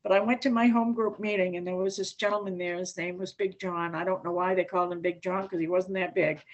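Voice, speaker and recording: A woman's voice: on the low side, fairly even intonation, brisk, highs cut off. Older woman telling her story at a meeting. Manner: plain-spoken storytelling with a dry wit. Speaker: AA speaker. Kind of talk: recovery share.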